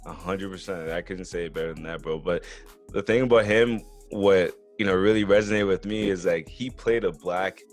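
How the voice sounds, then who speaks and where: A male podcast host with a low-pitched voice, chatting casually and earnestly and dropping "bro" and "man" into his sentences. Faint music sits underneath him. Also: normal speed. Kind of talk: casual sports podcast chat.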